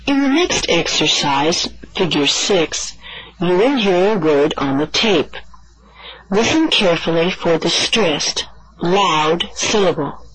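A woman reading classroom instructions and examples for an audio language course, clear and deliberate, spelling words out letter by letter. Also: fairly low pitch, poor audio. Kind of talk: slow scripted classroom instruction.

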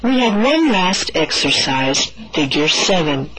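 A woman reading classroom instructions and examples for an audio language course, clear and deliberate, spelling words out letter by letter. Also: sits low, big pitch swings, a bit bright, rough recording. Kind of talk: slow scripted classroom instruction.

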